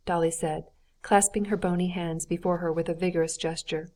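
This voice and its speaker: A woman narrating a classic novel as an audiobook in a steady, even reading voice. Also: on the low side, brisk. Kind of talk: scripted narration.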